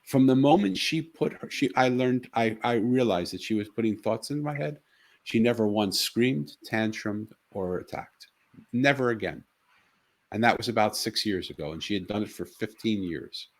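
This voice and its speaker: A middle-aged man co-hosting a talk show, telling a personal story in an earnest, animated way with frequent restarts. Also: fairly low pitch, normal speed. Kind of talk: casual chat, storytelling.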